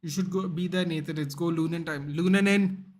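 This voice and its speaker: A man's voice: on the high side, a little fast. A young man hosting a live football watchalong, reacting casually to the match and chatting with viewers. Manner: animated, chatty, reacts to the game and reads chat.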